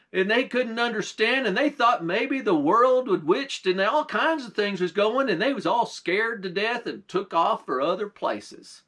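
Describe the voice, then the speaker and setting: A man, a pastor, telling a folk tale in folksy, unhurried storytelling with dialect words, then closing with a short sermon. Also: sits high, animated, pushed and bright.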